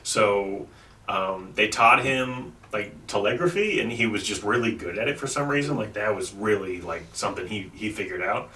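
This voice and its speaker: A man's voice: fairly low pitch, moderate pace, pushed and bright. A man hosting a comedy podcast, casually telling a history story with lots of fillers. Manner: rambling, loose, with lots of likes and ums. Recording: echoey room, distant mic, faint noise.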